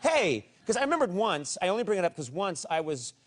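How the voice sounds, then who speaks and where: A man hosting a talk show, interviewing a guest in a studio with a deliberate, dry build-up to his jokes. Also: sits high, sing-song. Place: television studio.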